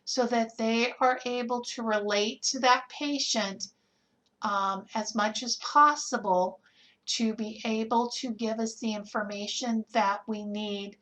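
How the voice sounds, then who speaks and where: A woman teaches a nursing class in a recorded lecture. She speaks slowly and deliberately in a slightly high voice. She keeps it conversational, with rhetorical questions and a habitual "okay?" to check in with her students. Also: fairly even intonation, fairly bright tone, rough recording. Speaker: nursing instructor.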